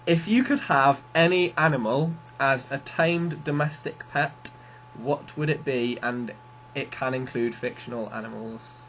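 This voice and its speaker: A male interviewer with an ordinary mid-range voice keeps things loose, throwing out questions and gentle jokes. A faint hum runs underneath his voice. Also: mid-range voice, a little slow. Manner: laid-back, teasing questioner who laughs easily. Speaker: podcast host. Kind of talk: casual interview.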